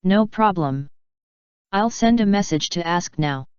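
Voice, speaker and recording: A woman's voice: on the low side, animated, a little slow, darkish tone, smooth, dry recording, muffled recording. A woman reading the lines of a cheerful, reassuring male receptionist.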